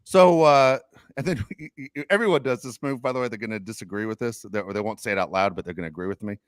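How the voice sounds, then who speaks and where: A man's voice: lowish voice, quick pace, no echo. A man co-hosting a podcast in casual chat, ranting and swearing often. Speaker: podcast co-host.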